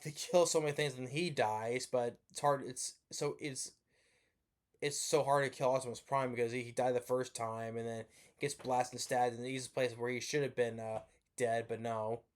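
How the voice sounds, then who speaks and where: A man's voice: medium pitch, fairly even intonation, normal speed. A man giving a rambling, profane movie review rant, sleepy and yawning as he talks, with lots of restarts.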